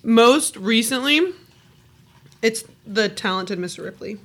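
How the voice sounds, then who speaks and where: Woman co-host with a bright, crisp voice, animated and loose in casual chat. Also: fairly high pitch, slow pace. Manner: animated storyteller, swears casually, laughs often. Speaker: podcast co-host.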